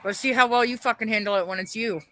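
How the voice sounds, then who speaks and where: A woman's voice: on the high side, fast talker, a bit bright. A woman ranting bitterly on a livestream, swearing heavily and airing her grievances. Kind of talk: angry livestream rant.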